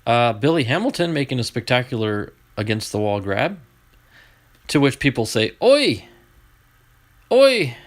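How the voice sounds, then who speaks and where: A man opening packs of baseball cards on a live stream, chatting to viewers and getting excited over each find. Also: mid-range voice, moderate pace. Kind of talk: live card-opening chat.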